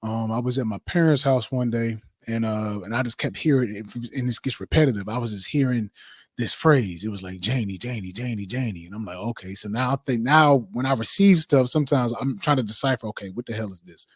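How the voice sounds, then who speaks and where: A man telling a lively personal story in casual conversation, acting out the voices he quotes, heard over a video call. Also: medium pitch, a little fast, dry recording, clean studio sound. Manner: animated storyteller, acts out the quotes. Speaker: guest.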